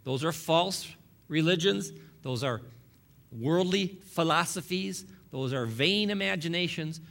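Man, pastor, sermon, bright forceful tone, emphatic, repeats himself, wry asides. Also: a little high, lively intonation, unhurried, creaky.

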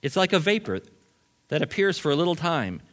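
A middle-aged man, a pastor, preaching a sermon in a church, animated and shifting between loud emphatic points and quiet asides, with brief chuckles. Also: fairly high pitch, a little fast. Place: church sanctuary.

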